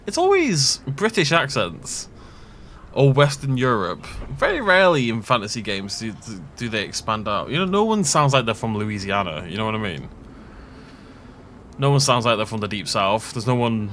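A man's voice: mid-range voice, fairly bright tone. A man hosting a let's play, rambling casually and laughing often while he plays. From half Irish. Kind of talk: casual gaming commentary.

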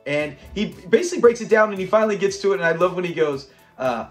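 Chatty, high-voiced man recapping a sitcom. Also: expressive, fast talker, soft background music. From Southern California. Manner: chatty, laughs often, acts out quoted lines. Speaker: host of a sitcom review channel. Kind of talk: casual episode recap and reaction.

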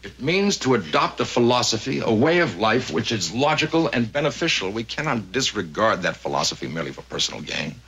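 An actor playing a stern, logical male Vulcan who speaks in a measured, controlled way. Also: on the low side, big pitch swings, pushed and bright, exaggerated voice. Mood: cool, reasoning.

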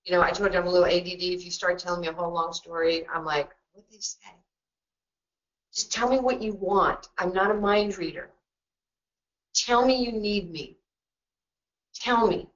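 Blunt older New York woman coach, low voice, joking and sarcastic, dull lo-fi webinar sound. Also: steady tone. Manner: blunt, joking, quick storytelling with asides. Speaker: basketball coach and guest speaker. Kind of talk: webinar talk.

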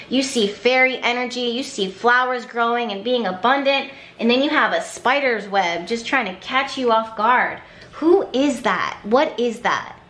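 Woman, tarot reader, emphatic, repetitive, slightly high voice, echoey room. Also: fairly bright tone. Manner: emphatic, repetitive, exasperated at times. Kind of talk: intuitive tarot reading to camera.

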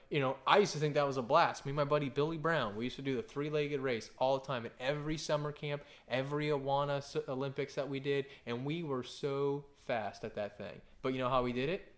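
A pastor in his thirties speaks a little fast in a mid-range voice. His sermon is conversational and full of stories, and he often pauses to ask "right?".

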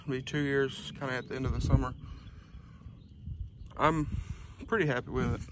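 A man's voice: mid-range voice, normal speed, noisy background. A man giving a casual, rambling review of his truck hitch outdoors, with lots of ums and y'all. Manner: relaxed, rambling, many "um"s and "y'all".

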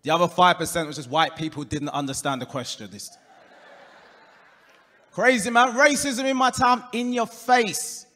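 A high-pitched, bright-toned man with an Essex accent performs stand-up on a club stage. He lands punchlines deadpan and chats with the crowd. The room carries a long, roomy reverb. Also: moderate pace. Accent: Essex English. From England. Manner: deadpan punchlines, crowd work, puts on voices for quoted people. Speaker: stand-up comedian. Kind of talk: stand-up comedy set. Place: comedy club stage before a live audience.

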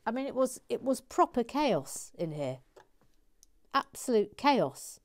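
A woman's voice: on the high side, big pitch swings, a little slow. A woman hosting a building stream, chatting casually and with self-mockery as she reads viewer comments, often dropping to a whisper while she concentrates.

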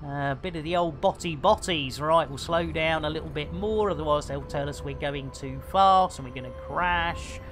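A man's voice: on the high side, moderate pace, few pauses, a bit bright, faint music behind. A man streaming a space game, chatting and joking as he plays, with a rambling manner and lots of fillers. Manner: jokey, rambling banter with many fillers. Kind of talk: casual gameplay commentary.

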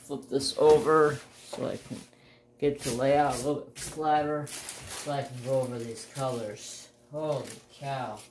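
A woman hosting a crafts channel, chatting casually and gushing with excited exclamations as she unboxes a kit. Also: extremely low pitch, a little slow, slight background noise. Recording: roomy echo, faint ambience.

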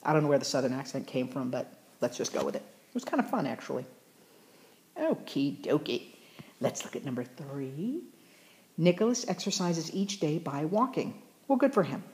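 A woman's voice: deep voice, animated, a little fast, darkish tone, slight background noise. A woman teacher explaining fractions in a chatty, encouraging way, often correcting herself mid-sentence. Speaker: math teacher. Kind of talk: recorded math lesson.

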